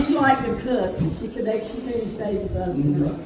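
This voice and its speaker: A woman tells family stories, quick and amused. She sounds distant in a very echoey hall. A clear background noise runs underneath. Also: medium pitch, expressive.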